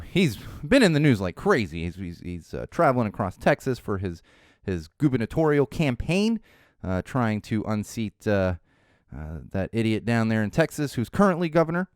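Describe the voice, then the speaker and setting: A man hosting a podcast, giving opinionated political commentary in an animated, ranting way and swearing freely. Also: medium pitch, no room sound, studio quality. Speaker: podcast host.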